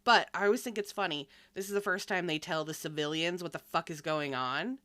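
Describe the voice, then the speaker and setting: A young woman co-hosting a casual podcast chat, riffing in an animated, exasperated, profane way. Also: fairly low pitch, brisk, no echo. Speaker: podcast co-host.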